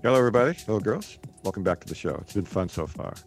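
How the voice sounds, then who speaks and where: A man's voice: on the low side, animated, very fast, faint music behind. A man co-hosting a talk radio show, chatting casually and enthusiastically. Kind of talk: casual chat.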